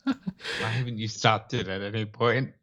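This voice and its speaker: A man co-hosting a podcast, chatting casually and dropping wry, quick jokes. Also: fairly low pitch, steady tone, a bit bright. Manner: wry, quick joking asides. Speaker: podcast co-host. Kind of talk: casual commentary chat.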